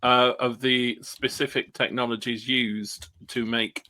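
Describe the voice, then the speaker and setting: A British man chatting on a podcast in a bright, forward voice. He rambles and hesitates, piling up fillers as he goes. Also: mid-range voice, flat delivery, unhurried. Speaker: podcast co-host. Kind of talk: casual podcast chat.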